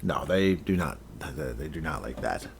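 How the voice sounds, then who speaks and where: A man's voice: very deep voice, animated, normal speed, gravelly, slight background noise. A man hosting a casual sports podcast, rambling and jokey, chuckling often as he talks. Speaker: podcast host.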